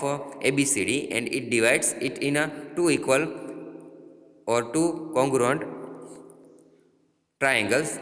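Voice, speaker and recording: A man with an Indian English accent teaching a maths lesson, halting and repeating himself with many fillers. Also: mid-range voice, fairly bright tone. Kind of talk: classroom lesson. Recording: roomy echo, long reverb.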